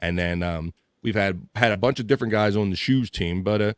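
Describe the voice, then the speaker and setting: A man's voice: on the low side, brisk, clear, resonant tone, no echo, studio quality. A man hosting a casual livestream, joking loosely and reading viewer comments aloud. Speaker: livestream host.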